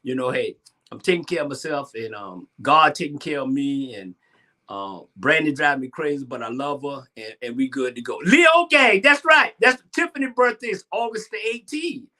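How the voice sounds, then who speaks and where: A man in his sixties from Georgia with a Southern accent, hosting a talk show and chatting in a lively, boastful way. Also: mid-range voice, moderate pace. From Savannah, Georgia, US. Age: 60s. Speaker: host. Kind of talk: animated solo talk show monologue.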